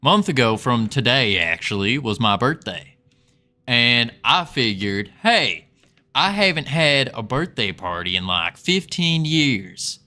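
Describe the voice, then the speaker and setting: A man's voice: medium pitch, sing-song, takes it slowly, sharp tone, full character voice. A man putting on a folksy Southern cowboy drawl. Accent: put-on Southern US. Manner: drawling, folksy, chuckling at himself. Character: folksy Southern cowboy streamer, male adult.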